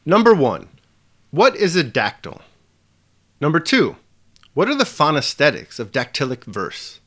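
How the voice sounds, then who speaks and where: A man hosting a scripted literature lesson, measured and articulate, slowing down for key definitions. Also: on the high side, huge pitch swings, fairly bright tone. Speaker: English teacher hosting a lesson channel.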